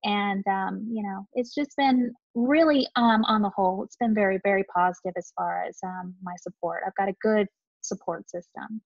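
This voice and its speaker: A young adult woman, a married podcast guest, speaking thoughtfully and pausing often with "um". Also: medium pitch, creaky, no room sound, highs cut off. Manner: thoughtful, with many "um"s. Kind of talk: casual conversation.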